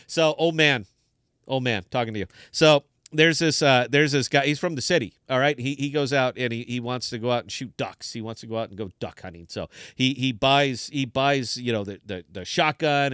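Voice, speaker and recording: Smooth-voiced man rambling through a joke. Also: medium pitch, fairly bright tone, no room sound, studio quality. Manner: rambling, with many restarts. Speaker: podcast host. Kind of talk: casual live chat, telling a joke.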